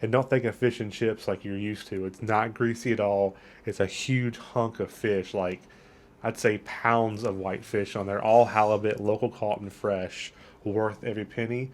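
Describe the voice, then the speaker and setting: A man's voice: fairly low pitch, fairly even intonation, moderate pace. A man hosting a casual travel vlog outdoors in a port town, talking with eager enthusiasm and lots of superlatives. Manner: enthusiastic and upbeat, with frequent superlatives. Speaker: travel vlogger.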